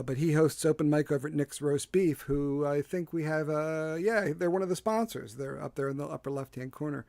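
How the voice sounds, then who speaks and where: A man's voice: fairly high pitch, a little mellow, dry recording. A man with a Delaware County Philadelphia accent, hosting a casual solo livestream from his home porch setup, rambling and self-deprecating with many fillers. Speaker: host. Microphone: desk microphone.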